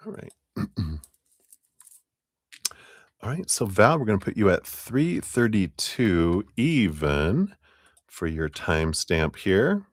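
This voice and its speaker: A man with a very deep voice takes his time, talking slowly through a live tarot reading. He is chatty and easygoing, chuckling often and clearing his throat. The sound is dry and close. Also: very animated, no echo. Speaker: tarot reader.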